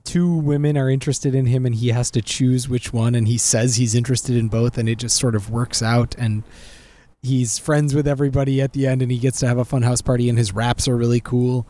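A man co-hosting a movie podcast, chatting casually and animated, laughing often and jumping up in pitch for jokes. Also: brisk. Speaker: podcast host. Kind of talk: casual chat.

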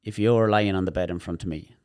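A man's voice: low-pitched, steady tone, fast, darkish tone, dry recording, clean studio sound. An Irish man, a therapist guest in a casual interview, explaining things animatedly and often repeating words.

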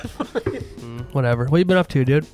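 A man's voice: medium pitch, normal speed, a little mellow, faint music behind. A man casually chatting with friends on a podcast, swearing often and teasing. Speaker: podcast co-host. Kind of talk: casual chat among friends.

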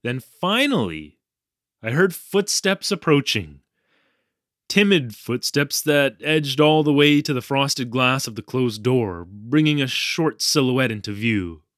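A man's voice: mid-range voice, expressive, slow pace, fairly bright tone, dry recording, studio quality. An actor playing a flustered young male English teacher in Japan, telling his ordeal in a wry, self-deprecating way. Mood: recounting. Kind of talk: audio drama storytelling narration.

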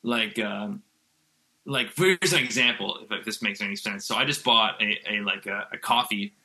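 A man's voice: on the low side, moderate pace, sharp tone, low-quality recording. A young man from Canada, a guest musician, chatting loosely on a video call, full of "like" and casual swearing. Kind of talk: casual conversation.

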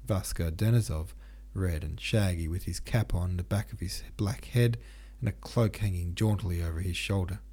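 A man's voice: sits low, mellow. A man narrating an audiobook in a casual, slangy retelling.

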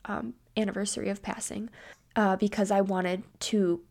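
A woman in her thirties hosting a personal podcast, talking candidly and tearfully, with fillers and halting pauses. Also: medium pitch, level tone, darkish tone. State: tearful, near crying. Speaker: podcast host. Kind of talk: personal solo podcast talk.

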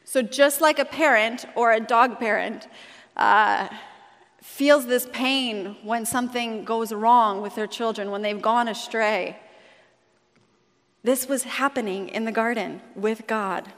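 A woman's voice: fairly high pitch, slow, fairly bright tone. A woman pastor preaching a sermon in a conversational, storytelling way, in a church sanctuary. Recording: long hall reverb.

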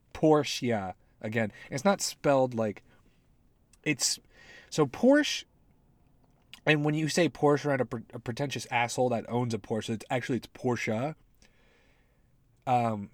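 A man doing comedic, profane commentary on news stories, swinging from loud rants to low mutters. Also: dry recording, studio quality.

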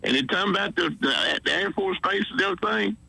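A man with a Southern accent calls in to a radio show, rambling in halting, exasperated restarts. His voice is high, gravelly and bright, and it comes over a dry phone line from his car. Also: dry recording. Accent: Southern US, Alabama. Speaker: caller. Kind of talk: call-in phone chat. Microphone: phone while driving.

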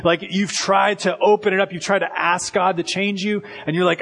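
Conversational male pastor with a fairly high voice. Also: steady tone, moderate pace, creaky, few pauses, a bit bright. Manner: conversational, frequent "like" and restarts. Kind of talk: sermon.

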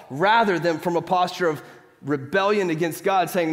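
A man preaching to his congregation, emphatic, throwing questions out for the room to answer. His voice sits a touch high for a man, and a long church-hall reverb trails every phrase. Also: moderate pace. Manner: emphatic, asks the congregation call-and-response questions. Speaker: pastor. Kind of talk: sermon. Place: church sanctuary.

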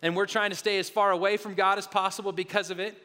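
A man's voice: high-pitched, flat delivery, quick pace, bright, forceful tone. A male pastor preaching a sermon in an earnest, confessional way, often restarting and repeating his words. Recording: hall reverb.

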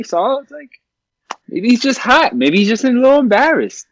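A jokey man co-hosting a recap podcast, swearing freely. His voice sits somewhat high and swings widely as he riffs. The recording is close and dry. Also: normal speed, dry recording. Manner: jokey, animated, profane. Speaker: podcast co-host. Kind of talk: casual recap chat.

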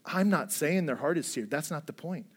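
High-voiced earnest male preacher. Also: animated, moderate pace, husky. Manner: earnest preaching, swinging between hushed and emphatic. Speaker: pastor. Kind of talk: sermon.

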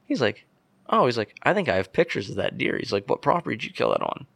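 Young male guest, gravelly low voice, dry close sound, animated storyteller from Pennsylvania. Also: fast, no echo. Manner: animated storyteller, acts out quotes. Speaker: podcast guest. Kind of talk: casual storytelling.

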